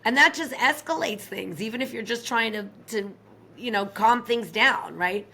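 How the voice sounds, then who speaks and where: A woman's voice: a little high, moderate pace, bright, forceful tone, slight background noise. A woman, a relationship expert guest, talking expressively in an interview and acting out quoted lines. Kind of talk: animated interview talk.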